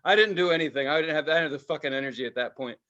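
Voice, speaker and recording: A man co-hosting a podcast in casual chat, telling profane, animated stories and mimicking voices. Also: a little high, very fast, dull audio. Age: adult with a child. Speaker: podcast co-host.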